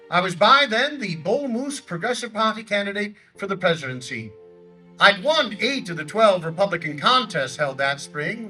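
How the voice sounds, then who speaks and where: A male historical reenactor plays a blustering older Theodore Roosevelt, booming out a declamatory stump speech in a high, sharply bright voice. He speaks outdoors in a lakeside park, picked up by a distant microphone, with faint music drifting in the background.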